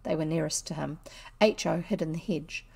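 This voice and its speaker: A woman with a New Zealand accent, reading a classic children's story aloud in an expressive, measured way. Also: sits low, creaky, breathy edge. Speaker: audiobook reader. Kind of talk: storybook narration.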